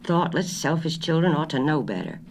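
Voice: mid-range voice, sing-song, normal speed, creaky, a little hiss or hum, voice pushed up. Grumpy older husband, as a reader puts him on, short and cross, storybook. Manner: grumbling, short complaints.

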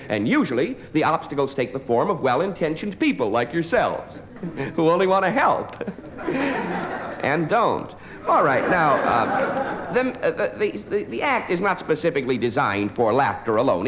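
A man doing a live stand-up routine, dry and digressive, bantering with the audience. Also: a little high. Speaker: stand-up comedian. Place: live club before an audience. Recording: noisy live recording.

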